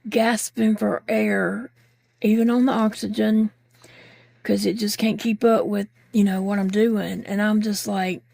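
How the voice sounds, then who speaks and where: A woman's voice: medium pitch, vocal fry, darkish tone, dry recording, clean studio sound. A woman vlogging while crafting, chatting candidly and rambling with fillers, sounding tired and short of breath. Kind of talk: casual chat while crafting.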